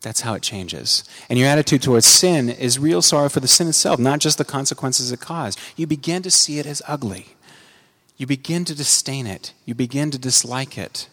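Man preaching, earnest, mid-pitched voice, swings from loud emphatic lines to hushed asides. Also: animated, normal speed, big-room sound. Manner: earnest, rising to emphatic peaks and dropping to quiet asides. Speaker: pastor. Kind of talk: sermon.

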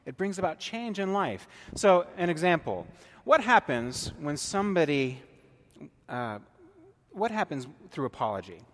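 A man's voice: fairly high pitch, big pitch swings, unhurried. A man preaching a sermon to a congregation as pastor, in a conversational manner that keeps checking in with the listeners. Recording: long reverb of a large hall.

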